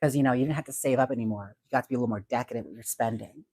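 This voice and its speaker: A man's voice: medium pitch, racing, dark tone, no room sound. A man hosting a casual livestream, chatty and giggly as he talks about wigs and reads out viewer comments. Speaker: livestream host and wig stylist.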